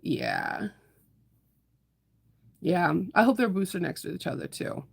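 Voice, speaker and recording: A woman with a low voice and a gravelly fry chats casually while hosting her sewing livestream. She laughs often and answers viewers' comments as she works. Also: wildly swooping pitch, slow pace.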